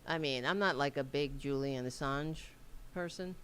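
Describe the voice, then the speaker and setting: A woman's voice: rumbling low, moderate pace, a bit bright, slight background noise. A woman hosting a casual livestream, rambling as she reads aloud and answers viewer comments, with a Staten Island accent. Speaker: host.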